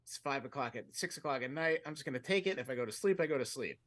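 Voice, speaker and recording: Animated and quick, a man with a mid-range, slightly bright voice co-hosts a comedy podcast. He's an adult with a fiance, and he rambles through a long story casually, often laughing and breaking off mid-sentence.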